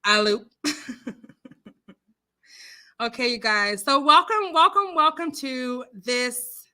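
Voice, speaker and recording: Slow-talking bright giggly woman host. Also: a little high, very animated. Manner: chatty, giggly, rambling with many fillers; talks with her hands. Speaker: livestream host. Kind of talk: casual livestream chat reading comments.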